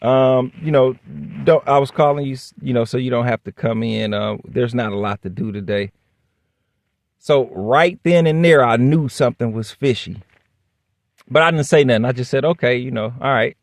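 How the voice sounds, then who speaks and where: A man's voice: medium pitch, normal speed, no echo. A man casually telling a workplace story straight to the camera, blunt and profane, acting out both sides of the dialogue. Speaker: vlogger.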